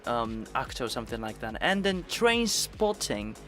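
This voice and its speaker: A man in casual conversation who laughs often and talks haltingly, with many restarts. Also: mid-range voice, very animated, a bit bright, soft background music. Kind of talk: casual chat.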